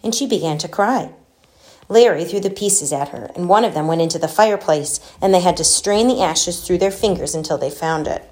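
A woman reading a children's storybook aloud, gentle and expressive, giving the children's lines their own voices. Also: lowish voice, fairly quick.

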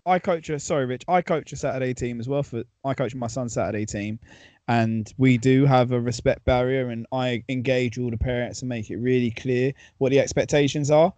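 A man's voice: mid-range voice, brisk, darkish tone, no echo. A man on a podcast panel and a Saturday youth football coach, who speaks earnestly and restarts his sentences often. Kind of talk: casual podcast chat.

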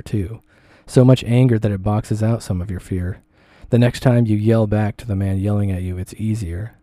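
A man reading a second-person essay aloud in a measured, deliberate way. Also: fairly low pitch, warm tone, no room sound.

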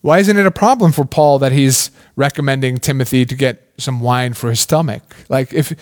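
A man's voice: mid-range voice, moderate pace. A man preaching a sermon in a casual, conversational way, asking many questions and often saying "like". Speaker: pastor.

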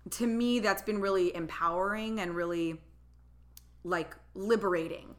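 A woman's voice: mid-range voice, a little slow. A woman in her thirties, a podcast guest, telling a personal story in casual chat and acting out the voices of the people she quotes. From California. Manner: animated, acts out quoted voices.

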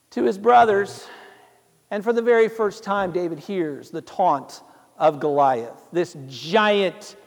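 Man, pastor, sermon, unhurried delivery, dramatic storytelling, rhetorical questions, long church reverb. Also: very high-pitched.

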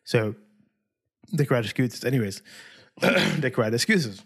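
Male co-host, 30s, animated casual storyteller, mid pitch. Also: moderate pace, vocal fry, slightly rough. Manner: animated storyteller, acts out voices with big pitch jumps. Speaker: podcast co-host. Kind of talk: casual chat.

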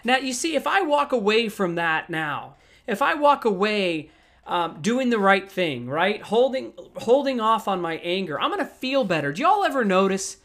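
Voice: mid-range voice, sing-song, moderate pace, a bit bright. A voice in a mid-range register, delivering a motivational talk on handling anger. The speaker talks straight to the listeners and repeats key phrases to drive them home. The tone stays conversational and encouraging.

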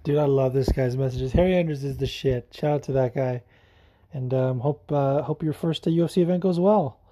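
Mellow-voiced excitable podcast host man. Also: medium pitch, brisk. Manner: excitable, swears freely, rambling. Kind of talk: casual chat.

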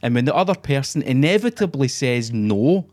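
A man's voice: mid-range voice, sing-song, normal speed, darkish tone. A Scottish man talks in easy, sweary podcast banter. He mocks as he tells a story and slips into other people's voices to act out their lines. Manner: sweary, mocking storyteller who acts out quotes. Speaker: podcast co-host. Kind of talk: casual banter.

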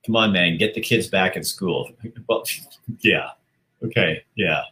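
A man's voice: low-pitched, unhurried, bright, forceful tone. A man casually hosting a livestream, reading viewer comments aloud, chatting and laughing often. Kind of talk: casual live-stream chat.

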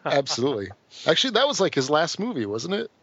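A man's voice: a little high, very animated, quick pace, a bit bright, slightly rough. A man hosting a podcast, chatting casually and playfully joking with his co-hosts. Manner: jokey, playful. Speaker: podcast host. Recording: dull lo-fi podcast audio.

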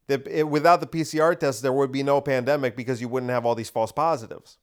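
In a clear, resonant voice of medium pitch, a man hosts a podcast at a quick pace with fairly even intonation. He's ranting sarcastically in an opinionated monologue full of rhetorical questions.

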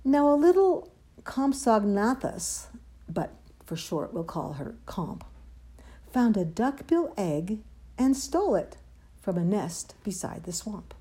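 A woman's voice: mid-range voice, very animated, slow pace, dark tone, slightly rough. A woman reading a rhyming children's picture book aloud with a lilting, sing-song rhythm. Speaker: storyteller.

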